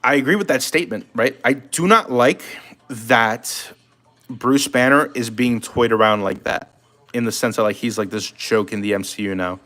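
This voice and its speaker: A man's voice: mid-range voice, normal speed, sharp tone. A man chatting casually on a live stream, loose and talkative, answering comments while he works. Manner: loose and chatty, talking to chat while drawing.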